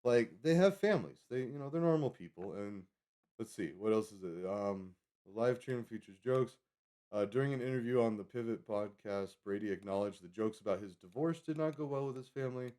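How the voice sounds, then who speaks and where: Rambling low-voiced man streaming. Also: expressive, a little fast, dark tone. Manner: chatty, digressive, self-correcting. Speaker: live streamer. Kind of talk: rambling casual stream chat.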